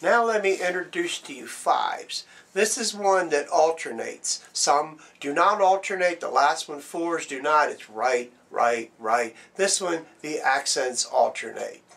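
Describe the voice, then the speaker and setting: A man's voice: on the high side, measured pace. A man teaching drum strokes, explaining plainly and counting beats aloud as he demonstrates. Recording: loud background noise.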